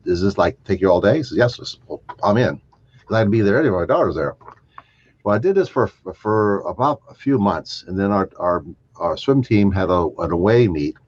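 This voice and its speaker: A lower-pitched older man recounts his stories in an animated way, slipping into the voices of the people he quotes and laughing as he goes. The sound is dull and lo-fi. It is also dry, with no room echo. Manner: animated anecdotes, acting out quoted voices, chuckling. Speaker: chiropractor and podcast guest. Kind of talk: storytelling interview.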